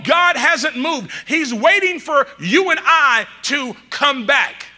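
Man, pastor, sermon, call-and-response, very bright tone. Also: very high voice, animated, takes it slowly. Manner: call-and-response preaching, dramatic swings from loud to quiet. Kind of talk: preaching a sermon.

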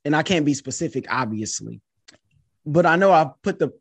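A man hosting a podcast interview, drawing on his years as a high school teacher before asking his guest a question, often checking in with "right?". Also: animated, moderate pace, vocal fry, slightly rough, dry recording.

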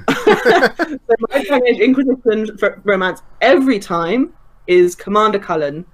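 A woman's voice: mid-range voice, sing-song, unhurried. A woman chatting casually on a podcast, enthusiastic and laughing often, with many fillers. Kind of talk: casual chat.

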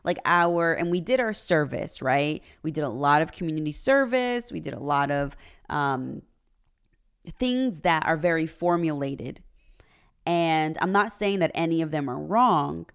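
Woman, podcast host, low voice, earnest confessional monologue. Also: expressive, measured pace, gravelly, clear, resonant tone. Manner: earnest, confessional, emotional at times. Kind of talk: personal faith podcast monologue.

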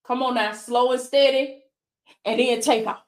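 Woman coach, a bit high-voiced, preacherly live-stream pep talk full of affirmations. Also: fairly even intonation, moderate pace. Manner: fervent, repeats affirmations, calls viewers baby; preacherly call-and-response with viewers. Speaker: life coach.

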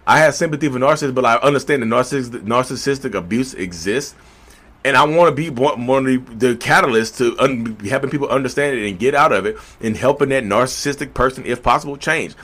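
Man, vlogger, out of breath, animated, repeats phrases, talks to camera. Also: medium pitch, brisk. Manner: animated, repeats himself, addresses viewers as y'all. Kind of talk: casual talk to camera. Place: at a standing desk indoors.

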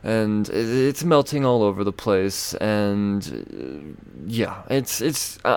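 A man with a gravelly, low voice tells a story on his podcast, swearing constantly and making fun of himself. His pitch swings widely as he rambles along with fillers and asides. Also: lively intonation, takes it slowly, darkish tone. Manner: profane, self-mocking, frequent fillers and laughs. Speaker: podcast host.

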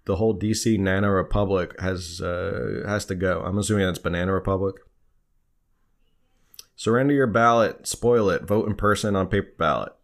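A man's voice: low voice, steady tone, normal speed. A man from New Jersey hosting a live stream, answering viewer questions in a loose, conversational way with frequent fillers and restarts. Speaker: livestream host.

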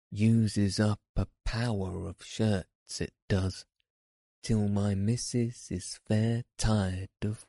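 Burly kind-hearted engine driver, folksy and reflective, voiced by a man, low and unhurried. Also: dark tone, no room sound, studio quality. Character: burly kindly male engine driver, plain-spoken.

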